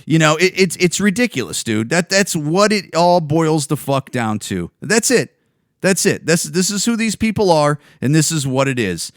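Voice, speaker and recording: A man's voice: a little high, sing-song, normal speed, no room sound, studio quality. A man in his forties from the Chicago area, hosting a podcast and ranting angrily with lots of swearing and repetition. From Chicago area, USA. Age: 40s. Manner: angry, profane, repetitive. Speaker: podcast host.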